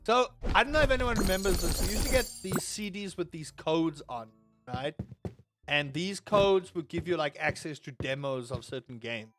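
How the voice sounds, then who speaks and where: A young man streaming a game and chatting to his viewers in a rambling, animated way, ranting half in jest. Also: on the high side, normal speed, over music. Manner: rambling and animated, with self-mocking rants to chat. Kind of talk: casual live-stream chat while playing.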